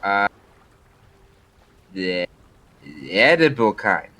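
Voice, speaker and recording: A man speaking as a player in a tabletop game, slow and hesitant. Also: lowish voice, animated, bright, forceful tone. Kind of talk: playing a character in a tabletop game.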